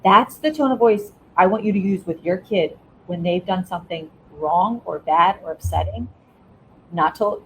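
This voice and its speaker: A middle-aged woman with a fairly low voice talks as a podcast guest. She walks through her method step by step, draws on her years as a school principal, and keeps asking "right?" as she goes. A faint hum of noise sits under her voice. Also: low-quality recording. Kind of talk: casual interview talk.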